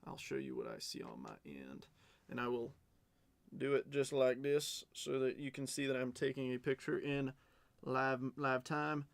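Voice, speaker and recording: A man's voice: medium pitch, lively intonation, moderate pace, creaky, no echo. A man hosting a live card break stream, chatting as he calls out cards and bids. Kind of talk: live stream auction chat.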